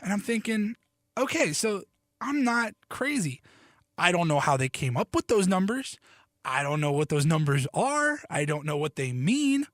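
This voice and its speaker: A man talking on his solo sports podcast in a bright, high-pitched voice. He rambles in a joking, animated way, drops the odd curse and keeps cutting himself off to restart. The recording is close and dry, with no room sound. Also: moderate pace, no echo. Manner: animated, joking, loose and profane; self-interrupting, restarts sentences. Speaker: podcast host.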